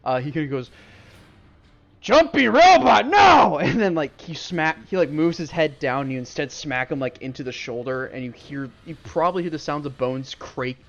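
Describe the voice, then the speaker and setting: A man's voice: medium pitch, fairly even intonation, a little fast, hardly any pauses. A man narrating a tabletop game as game master, rambling with lots of fillers. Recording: dull lo-fi stream mic with music.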